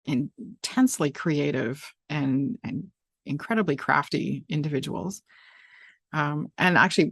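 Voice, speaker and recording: A woman's voice: sits low, no echo, studio quality. A woman hosting a talk show, chatting casually and rambling with many restarts and fillers. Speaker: podcast host. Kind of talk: casual chat.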